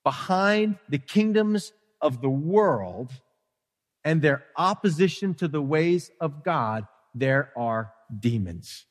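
A middle-aged man preaching a conversational, animated sermon, now and then acting out prayers. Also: fairly high pitch, slow pace. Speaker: pastor. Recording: live-streamed hall with long reverb.

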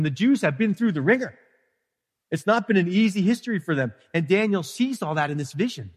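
A middle-aged man preaching a conversational, animated sermon, now and then acting out prayers. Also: a little high. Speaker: pastor. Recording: live-streamed hall with long reverb.

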